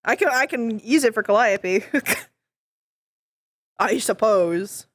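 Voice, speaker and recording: Frustrated streamer woman venting, higher voice. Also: expressive, very slow, no room sound, clean studio sound. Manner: frustrated, swearing, stammering restarts. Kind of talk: casual venting to chat.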